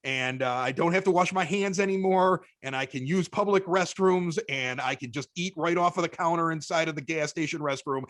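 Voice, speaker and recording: A man with a Chicago accent tells stories as a podcast guest, animated and restarting his sentences. His voice sits a little high for a man. The recording is dry and close. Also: fairly quick, few pauses, dry recording. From Chicago, United States. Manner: animated storyteller with stammered restarts. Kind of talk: casual storytelling chat.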